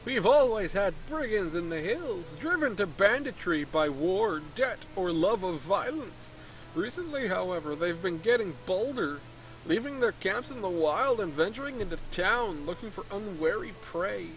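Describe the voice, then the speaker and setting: A man's voice: high-pitched, lively intonation, moderate pace, a bit bright, slight background noise, poor audio. A man voicing a scheming middle-aged merchant in a mock Canadian accent, reading game dialogue aloud with a hammy, conspiratorial manner. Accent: mock Canadian, tagging "eh" onto lines.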